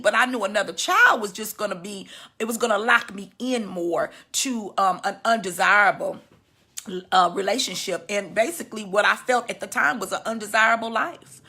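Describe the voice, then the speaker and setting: Woman in her fifties, bright voice, emotional, halting, soft and low at times, personal testimony. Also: breathy edge. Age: 50s. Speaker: women's healing teacher sharing her story.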